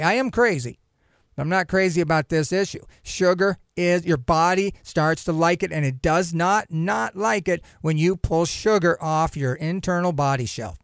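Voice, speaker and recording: Alone on his podcast, a host with a high-pitched, clean voice reads news items aloud, joking and wandering off into asides as he interrupts himself. The recording is clean studio sound with no echo.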